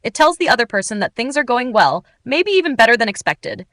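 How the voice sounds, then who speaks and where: A woman teaching English in an upbeat, clearly articulated, scripted narration. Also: fairly high pitch, sing-song, brisk, a bit bright, no echo.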